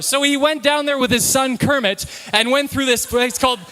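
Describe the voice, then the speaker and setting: A man giving an energetic, comedic slide presentation to a live audience, with punchy, playful delivery. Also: extremely high pitch, normal speed, slight background noise. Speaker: presenter at a live talk night.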